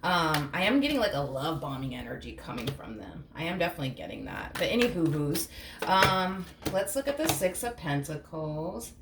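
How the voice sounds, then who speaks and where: In an echoey room with a faint hum, a low-pitched woman with big pitch swings gives a blunt, casual tarot reading at a moderate pace, swearing liberally and acting out imagined reactions in quotes.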